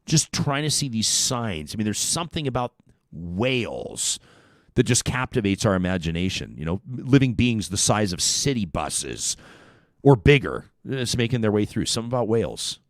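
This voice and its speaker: A man hosting a talk show, telling stories in a lively, rambling way with many restarts. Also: on the low side, normal speed, no room sound, clean studio sound. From Canada. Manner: animated storyteller, chatty with many restarts. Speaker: radio talk show host. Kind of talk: casual talk show chat.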